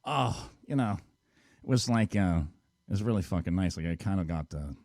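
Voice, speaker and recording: A man's voice: low voice, lively intonation, moderate pace, darkish tone, no echo, clean studio sound. A man hosting a call-in talk show, ranting sarcastically and swearing constantly. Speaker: radio show host. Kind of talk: profane call-in show rant.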